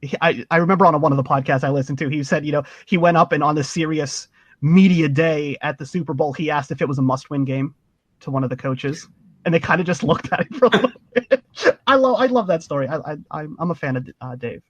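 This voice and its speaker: A man's voice: on the high side, quick pace, no room sound, lo-fi sound. A man from Pittsburgh, a podcast guest in casual chat, chatty, laughing often and restarting his sentences.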